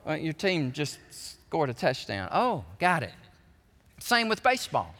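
A man, a pastor preaching a sermon, animated and shifting between quiet prayer and loud shouting. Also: on the high side, a little slow. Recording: reverberant hall.

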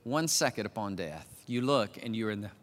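An older man preaching as a pastor, moving from quiet musing to loud, emphatic declarations. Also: fairly low pitch, lively intonation, fairly quick. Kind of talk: sermon. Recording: long reverb of a large hall.

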